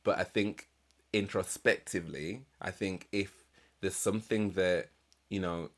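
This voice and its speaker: A man's voice: low-pitched, fairly even intonation, a little slow, a bit bright. A man hosting a reaction channel, musing aloud in casual commentary with lots of fillers and restarts. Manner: reflective, rambling, many fillers and restarts.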